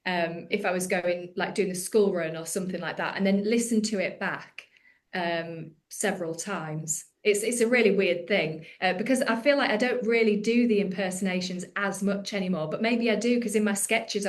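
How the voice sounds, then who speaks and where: This is a woman comedian in her thirties on a casual podcast. She is chatty and self-mocking, and her voice sits at an ordinary middle pitch. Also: moderate pace. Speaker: comedian guest.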